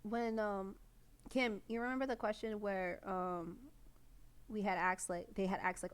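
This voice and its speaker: A woman's voice: medium pitch, level tone, measured pace, smooth. A woman streamer chatting casually while playing a game, giggly and swearing freely. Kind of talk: casual gameplay commentary. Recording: game music behind.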